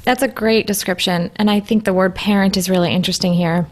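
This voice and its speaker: A woman's voice: mid-range voice, steady tone, fast, soft background music. A woman hosting a podcast, asking probing questions and reflecting back what her guest says. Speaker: podcast host. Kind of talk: conversational podcast interview.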